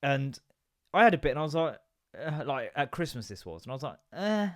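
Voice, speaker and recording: Brief: young male podcaster, mid-pitched, rambling and self-mocking, lots of swearing. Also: animated, brisk. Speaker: podcast host. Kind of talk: casual solo podcast chat.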